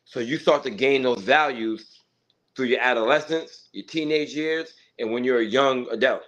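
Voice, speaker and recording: Male host, insistent debater, restarts a lot, mid pitch. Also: normal speed, a bit bright, low-quality recording. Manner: insistent, repeats words while arguing. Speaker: podcast host. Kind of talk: casual debate.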